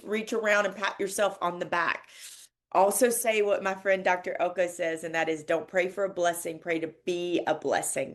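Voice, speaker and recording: A woman hosting a podcast, telling a personal story in a heartfelt, teary way. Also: medium pitch. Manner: heartfelt, laughs and tears up while telling. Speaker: podcast host. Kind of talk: emotional storytelling monologue.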